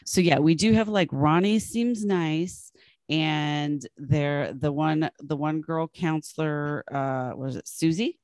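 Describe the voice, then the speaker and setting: A woman with a Californian accent and vocal fry, co-hosting a casual chat, swearing freely, laughing often and acting out other people. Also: low-pitched, a little mellow, no room sound, clean studio sound. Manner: laughing, profane, acts out people in quick quoted voices. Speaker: podcast co-host.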